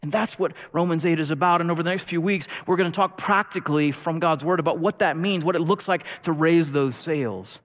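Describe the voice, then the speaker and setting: A male pastor preaching a sermon with animated storytelling that swings between loud and hushed. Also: fairly high pitch, fairly quick, hardly any pauses, long reverb tail.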